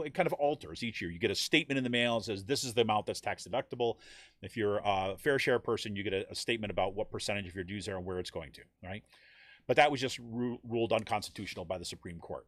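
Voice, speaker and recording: A man's voice: a bit bright, no room sound. A man hosting a live talk show, explaining union issues in a casual, conversational way and often checking in with "right?". He sometimes lifts his voice to act out what other people say. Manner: explanatory, keeps asking "right?"; acts out quoted voices with rising pitch. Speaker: podcast host.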